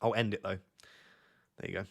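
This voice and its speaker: A man's voice: on the low side, little pitch movement, a little fast, fairly bright tone. A young man hosting a livestream in casual chat, laid-back and joking, rambling with lots of fillers. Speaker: livestream host. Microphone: on a mic near the camera.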